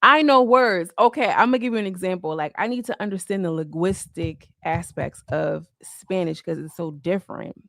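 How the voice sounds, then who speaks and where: Woman, low gravelly voice, dry close sound, casual live-stream chat from home, rambling with lots of fillers. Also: brisk, hardly any pauses, no room sound. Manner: rambling, loose, full of "like" fillers. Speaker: livestreamer.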